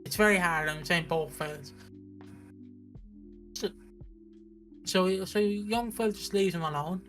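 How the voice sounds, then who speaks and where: A British man recapping a soap opera on a stream in a casual, animated way, with frequent restarts. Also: high-pitched, takes it slowly, faint music behind. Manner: animated storytelling, acts out characters' lines, frequent restarts.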